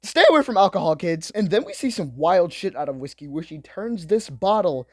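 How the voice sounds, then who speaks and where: Animated, profane young male recap commentator. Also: high voice, a little fast, no room sound, studio quality. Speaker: commentary host. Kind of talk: comedic anime recap commentary.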